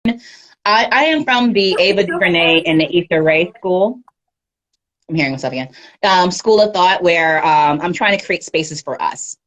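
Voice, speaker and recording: A woman speaking as a guest in a casual livestream interview, candid and animated, often laughing, on a phone or webcam mic. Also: fairly low pitch, moderate pace. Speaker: guest media professional.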